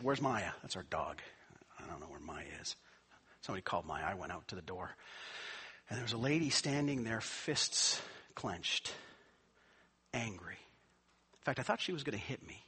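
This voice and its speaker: A man's voice: mid-range voice, a bit bright, husky. A middle-aged man, a pastor, tells a family story in a conversational way and then preaches with rising emphasis. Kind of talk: sermon with personal story.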